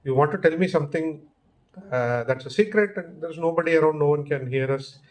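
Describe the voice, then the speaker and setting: A man's voice: a little high, a little fast, natural voice. Patient male friend back from the city, voiced by the narrator: reasoning, mildly exasperated.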